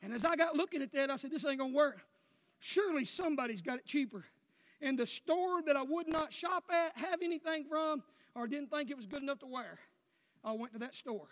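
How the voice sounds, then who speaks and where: A brisk, high-voiced male preacher delivers an impassioned sermon in a church sanctuary, lurching from shouts to low murmurs. The sound is muffled, with a long hall reverb.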